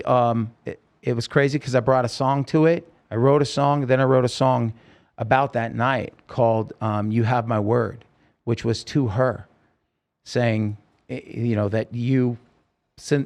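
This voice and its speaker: Gravelly-voiced man telling an earnest story. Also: mid-range voice, a little mellow. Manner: earnest, rambling, with many restarts and fillers. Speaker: singer-songwriter telling his survival story as a guest. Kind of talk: emotional personal storytelling in a podcast interview.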